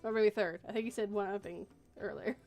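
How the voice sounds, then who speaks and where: A woman hosting a horror livestream, reading a story aloud and then chatting casually, clearing her throat and laughing often. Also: mid-range voice, fast talker, darkish tone, faint music behind.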